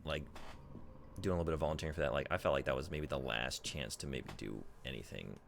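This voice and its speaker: Deep gravelly man chatting while gaming. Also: fast, background noise. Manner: rambling, frequent swearing, thinks aloud. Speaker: streamer. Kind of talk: casual chat while playing a game.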